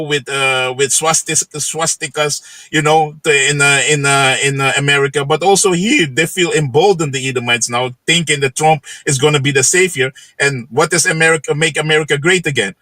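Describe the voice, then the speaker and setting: A man preaches on a livestream in a loose, rambling way. His voice is bright and forceful, recorded dry and close with no room sound. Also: fairly high pitch, no echo, poor audio. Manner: loose and conversational, tags lines with "man" and "you know". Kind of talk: casual scripture teaching on a livestream. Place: home setting in the Netherlands.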